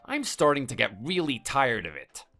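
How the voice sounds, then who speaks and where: Brief: male text-to-speech voice as a bullying husband, very swooping pitch, defensive and scornful. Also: sing-song, normal speed, sharp tone, soft background music. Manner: defensive and contemptuous. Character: hot-tempered, threatening adult husband. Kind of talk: text-message story voice-over.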